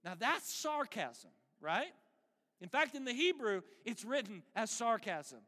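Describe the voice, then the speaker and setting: A man preaching a sermon as pastor, emphatic and animated with dry humor. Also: extremely high pitch, unhurried. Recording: long reverb of a large hall.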